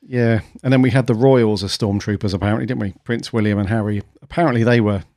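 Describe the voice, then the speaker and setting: A man's voice: lowish voice, steady tone, quick pace, a little mellow, no echo, studio quality. A man co-hosting a podcast in casual chat, musing aloud with many fillers. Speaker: podcast co-host.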